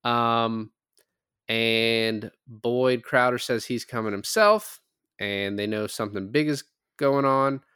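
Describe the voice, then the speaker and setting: A man's voice: mid-range voice, takes it slowly, sharp tone, clean tone, dry recording. A man co-hosting a podcast, chatting casually through a film review with dry, sarcastic humor. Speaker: podcast co-host.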